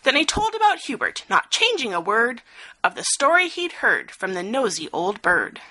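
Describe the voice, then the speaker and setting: A woman reading a rhyming picture-book story aloud, expressive, with a sing-song rhythm. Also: on the high side, moderate pace, rough recording.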